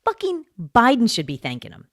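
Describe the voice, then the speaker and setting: Woman co-host, low voice, mocking and crude, dry close mic. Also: moderate pace, no echo. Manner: blunt, profane, mocking. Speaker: podcast co-host. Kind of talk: casual chat.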